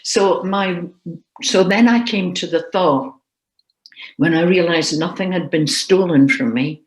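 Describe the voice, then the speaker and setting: Earnest woman preaching slow, bit emotional, roomy echo. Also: on the low side. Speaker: Christian speaker. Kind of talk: personal testimony sermon.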